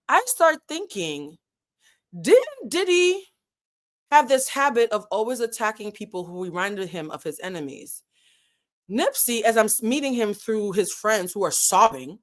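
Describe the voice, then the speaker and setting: A woman with a New England accent hosting a casual live commentary stream, animated and digressive, swearing freely and swinging between loud and soft. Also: fairly high pitch, normal speed. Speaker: commentary channel host.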